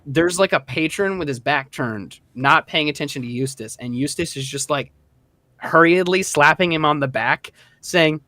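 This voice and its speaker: Dungeon master, male, chatty animated narration, dry close sound. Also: a little high, normal speed, dry recording, soft background music. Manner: casual, animated storytelling with many fillers. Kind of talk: narrating a tabletop game.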